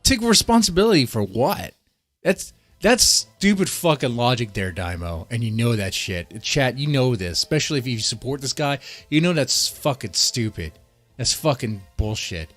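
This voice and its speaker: A man's voice: mid-range voice, animated, moderate pace, a bit bright, no room sound, soft background music. A man streaming live, reacting to a video in a heated, profane rant and often repeating himself and restarting sentences.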